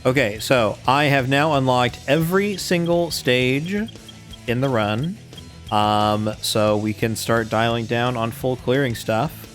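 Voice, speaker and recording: A man's voice: mid-range voice, slow, a bit bright, soft background music. A young man hosting a livestream, chatting casually while fiddling with his stream settings. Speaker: streamer host.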